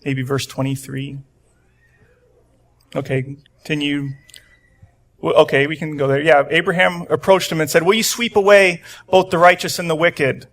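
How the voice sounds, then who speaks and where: A man's voice: flat delivery, moderate pace, pauses often, fairly bright tone. A young man preaching a casual, conversational sermon to a room of people, acting out the quotes he reads. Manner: conversational, acts out quotes with rising pitch. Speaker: pastor. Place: church room with a congregation.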